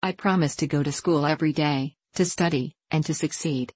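A woman's voice: deep voice, a little fast, a little mellow, slightly rough, no room sound. A woman reading the part of a hungry, complaining wooden puppet boy in an audiobook. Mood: pleading. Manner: pleading, complaining. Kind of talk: audiobook character voice.

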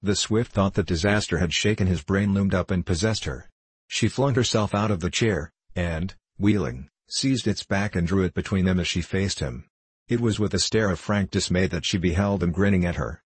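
A man narrating a novel in a measured, even manner. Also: low-pitched, breathy edge, no room sound. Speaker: audiobook narrator. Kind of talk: scripted narration.

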